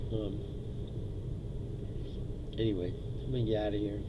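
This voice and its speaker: A man's voice: fairly low pitch, fairly even intonation, normal speed, highs cut off, heavy background noise. A man hosting a casual solo livestream, sardonic and profane, laughing often at his own jokes. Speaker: livestream host. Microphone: streaming setup mic.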